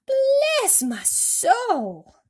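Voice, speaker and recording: Lady doing a loud freaked-out fire chief guy, kinda breathy. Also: on the high side, big pitch swings, measured pace, voice pushed up, full character voice. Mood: panicky. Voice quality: loud, blustering. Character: blustering, panicky male fire chief.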